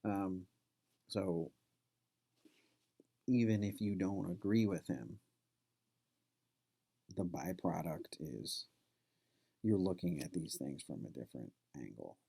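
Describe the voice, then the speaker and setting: A man's voice: low voice, slow pace, vocal fry, pauses often, warm tone, husky. A man who is a college professor, talking casually to his class and telling a story, loose and conversational with plenty of fillers. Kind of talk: classroom lecture with anecdote.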